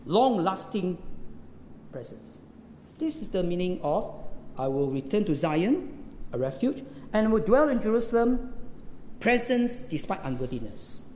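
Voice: mid-range voice, very animated, moderate pace, mellow, a little hiss or hum. A preacher with a Singaporean accent giving a sermon, teaching through rhetorical questions and local particles. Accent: Singaporean English. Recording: echoey hall with long reverb.

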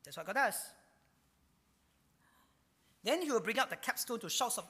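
A man's voice: extremely high pitch, breathy edge. Guy preaching, bouncy up and down voice, says "ah" a lot, long hall echo. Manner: animated, ends phrases with a drawn-out "ah". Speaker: pastor. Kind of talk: sermon.

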